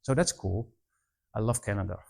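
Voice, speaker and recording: A man's voice: lowish voice, moderate pace, creaky. A middle-aged man from the Netherlands with a Dutch accent, giving a humorous presentation to students as a missionary, telling anecdotes with frequent restarts. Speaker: missionary speaker.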